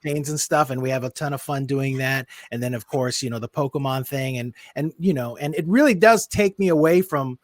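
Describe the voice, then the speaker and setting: A man hosting a casual interview over a video call, speaking in a relaxed way with many "um"s and "you know"s. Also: medium pitch, brisk, few pauses, dry recording. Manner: relaxed, hesitant, many fillers and restarts. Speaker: podcast host.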